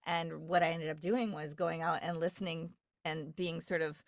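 A woman's voice: low voice, steady tone, normal speed, creaky, no echo, studio quality. A woman from New York, a dialect coach, telling stories in a rambling casual chat full of fillers and restarts. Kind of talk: casual podcast conversation.

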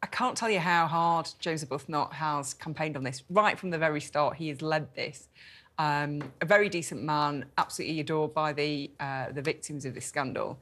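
A woman's voice: sits low, normal speed, fairly bright tone. A woman speaking as a guest on a TV studio panel, earnest and fluent with occasional fillers.

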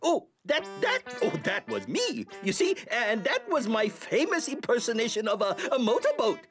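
A man voicing a greedy, scheming cartoon band manager who talks excitably and does sound-effect impressions. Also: very high voice, normal speed, over music, full character voice. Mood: frantic. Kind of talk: cartoon voice acting.

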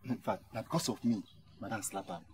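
A man's voice: fairly low pitch, fairly quick, slight background noise, natural voice. An actor playing a chatty, gossipy gateman who talks with a Nigerian Pidgin accent. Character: jolly chatty gateman, servant to the household.

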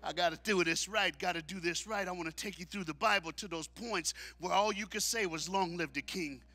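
A man preaching a sermon at a men's conference, shouting call-and-response lines and dropping into low, quick asides. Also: steady tone. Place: church hall at a men's conference.

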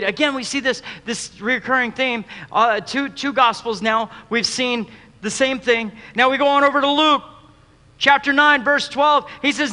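A man's voice: very high-pitched, moderate pace, sharp tone, big-room sound. A man preaching a sermon who mixes humor and personal stories into his teaching. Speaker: pastor.

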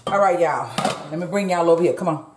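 Low slow-talking woman cooking in her kitchen, roomy echo, chatty with y'all. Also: noisy background. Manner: chatty, talks straight to viewers as "y'all". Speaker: cooking channel host. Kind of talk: casual cooking vlog chat. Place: home kitchen.

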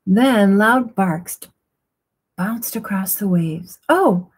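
A woman reading bedtime picture books aloud in a soft, hushed, soothing voice. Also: mid-range voice, measured pace, a little hiss or hum. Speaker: storyteller. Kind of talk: quiet bedtime story reading.

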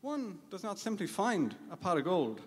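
A man's voice: high-pitched, very animated, normal speed. A man with an Irish accent, playing a local in a comic stage sketch, folksy and exasperated. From Ireland. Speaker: Irish community member on stage. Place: conference hall stage. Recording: live stage mic in a hall.

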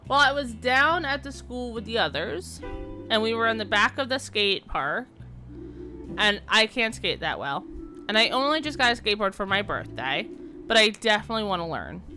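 A woman's voice: a little high, expressive, moderate pace, sharp tone, faint music behind. A woman voicing a young girl patient who eagerly rambles about her skateboard and what happened at the skate park.

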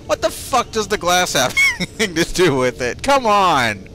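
A man's voice: high voice, big pitch swings, normal speed, over music. A young man commentating as he plays a video game, sarcastic and exasperated, swearing freely. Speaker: gaming video host. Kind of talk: let's play commentary.

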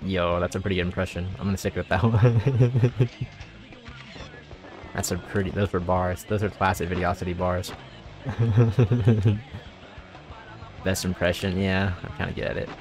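A man's voice: low-pitched, fairly even intonation, a little slow, pauses often. A man streaming and chatting with viewers, joking and mocking himself, often laughing. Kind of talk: casual live-stream chat. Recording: music playing behind. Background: music.

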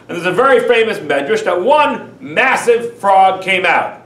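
A man teaching as a rabbi in an animated, emphatic lecture full of rhetorical questions. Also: high-pitched, normal speed. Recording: echoey room, far from mic.

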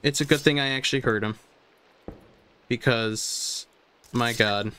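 A man's voice: medium pitch, measured pace, bright, forceful tone, a little hiss or hum. A young man commentating his own gameplay, talking to himself, repeating phrases and reacting jumpily. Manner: talks to himself, repeats phrases, jumpy and exclaiming. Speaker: gaming video host.

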